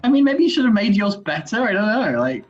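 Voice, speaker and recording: Playful, lively woman on a dull recording. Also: mid-range voice, fast talker, soft background music. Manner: playful, laughs often, cheeky. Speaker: co-host. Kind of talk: casual banter over a drawing game.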